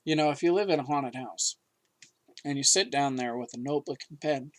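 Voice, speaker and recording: A man's voice: medium pitch, a little fast. A man co-hosting a podcast, talking in an emphatic, rambling way with many restarts. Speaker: podcast co-host. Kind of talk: casual chat.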